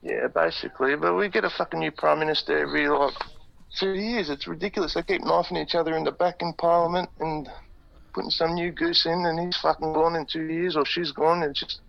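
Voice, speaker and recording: An Australian man calls in and talks bluntly, swearing freely. His voice is gravelly and a little high. The sound is muffled and dull. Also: fairly even intonation, fairly quick, no room sound. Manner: blunt and profane. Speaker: phone-in caller. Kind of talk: casual chat on a phone call. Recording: muffled phone call.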